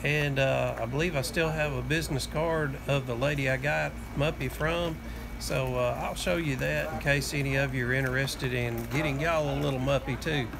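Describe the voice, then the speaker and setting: A man's voice: mid-range voice, steady tone, normal speed, vocal fry, noisy background. A man with a Southern US accent telling a rambling, casual story in his vlog, with lots of fillers and "anyway.". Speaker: vlogger.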